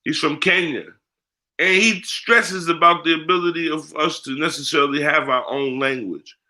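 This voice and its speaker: In a candid interview, a guest who is a spiritual priest from the United States speaks bluntly, with plenty of profanity and street slang. His voice is a little high, pushed and bright, at a moderate pace.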